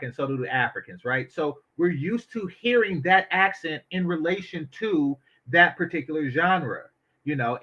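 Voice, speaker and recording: A man with a high, pushed, bright voice hosts a casual commentary stream, heard through dull lo-fi audio. He's blunt and opinionated, swearing freely as he reacts to an interview.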